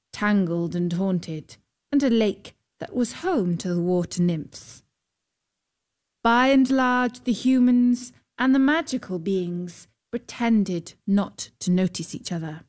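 A woman narrating a fairy tale in a calm, measured storytelling manner. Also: medium pitch.

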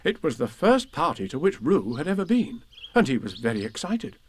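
A man narrating a children's storybook in a gentle, unhurried way. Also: on the high side, sing-song, slightly rough. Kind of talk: storybook reading.

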